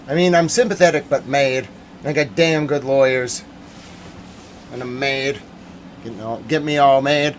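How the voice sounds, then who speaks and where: A man hosting a casual livestream, talking in an upset, rambling, repetitive way that swings from quiet to loud. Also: medium pitch, fairly even intonation, a little slow, long pauses, a little hiss or hum. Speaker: host of a nightly news recap stream.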